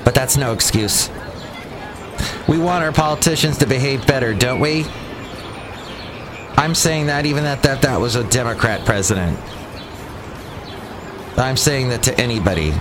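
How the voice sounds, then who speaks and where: A man's voice: medium pitch, moderate pace, pauses often, background noise. A man hosting a solo podcast outdoors near a cafe, rambling sarcastically and restarting his sentences often. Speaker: podcast host. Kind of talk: casual solo podcast monologue.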